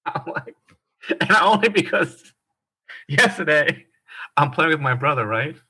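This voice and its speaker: Irish man, comedy chat co-host, excitable, slangy, bright edge, husky voice. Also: on the high side, unhurried, low-quality recording. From Ireland. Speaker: podcast co-host.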